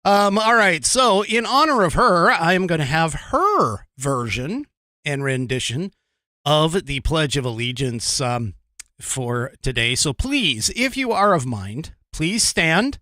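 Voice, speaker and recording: A male podcast host chatting loosely on a livestream, rambling and chuckling as he goes. His voice sits a bit high for a man and sounds close and dry, with no room around it. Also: sing-song, slow pace, bright, forceful tone, no room sound. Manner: rambling, chuckling often, with many fillers. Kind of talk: casual livestream talk.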